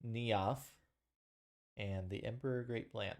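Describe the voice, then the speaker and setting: Hesitant, halting man co-host. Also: lowish voice, steady tone, a little mellow. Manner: hesitant, halting, many restarts. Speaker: podcast co-host. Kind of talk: casual chat.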